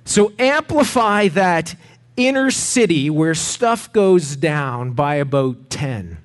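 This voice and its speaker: A middle-aged Canadian-born man preaching from the pulpit. He spins the story with energy and acts out the voices of the people in it, in a voice that sits a little high for a man. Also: animated, slow pace. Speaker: pastor. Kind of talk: storytelling sermon.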